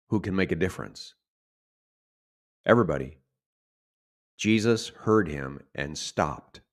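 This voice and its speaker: A male pastor preaching a sermon in an animated way, acting out the shouted lines he quotes. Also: sits low.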